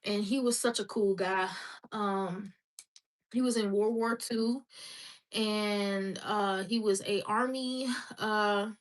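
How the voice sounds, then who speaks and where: A woman's voice: mid-range voice, steady tone, takes it slowly. A woman in her twenties chatting casually and rambling on a livestream, laughing often. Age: 20s.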